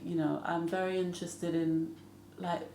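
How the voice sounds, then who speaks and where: Low mellow woman with a mixed English-Jamaican accent. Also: flat delivery, moderate pace, roomy sound, slight background noise. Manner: chatty, anecdotal, laughs often. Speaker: interview guest. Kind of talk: casual interview.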